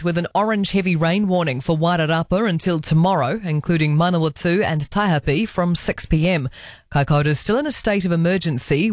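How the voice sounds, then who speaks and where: A woman with a New Zealand accent reading radio news headlines in a brisk, crisp delivery. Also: low-pitched, dry recording, studio quality. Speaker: news reader.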